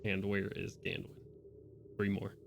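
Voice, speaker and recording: Gravelly low-voiced game master. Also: male voice, monotone, normal speed, muffled recording, a little hiss or hum. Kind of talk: running a tabletop game.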